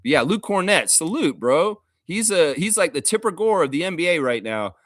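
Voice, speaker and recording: A man's voice: fairly high pitch, big pitch swings, normal speed, fairly bright tone, no room sound, studio quality. A man hosting a casual sports live stream, rambling, laughing often and reading chat aloud. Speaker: livestream host. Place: Toronto.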